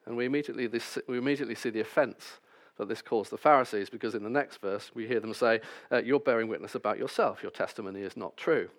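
A man's voice: lowish voice, fast talker, few pauses. A man preaching a sermon, reading scripture passages and then explaining them with wry, self-deprecating asides.

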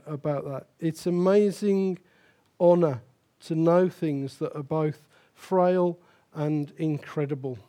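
Older man, pastor preaching, sermon, unhurried delivery, slightly high voice, emphatic repetition. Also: warm tone. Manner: emphatic, repeats key phrases for stress.

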